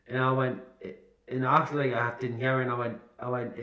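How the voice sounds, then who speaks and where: A man's voice: mid-range voice, little pitch movement, racing, fairly bright tone. A young man, a podcast co-host who teases and tells stories in casual chat. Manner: cheeky, teasing, acts out quotes. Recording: echoey room.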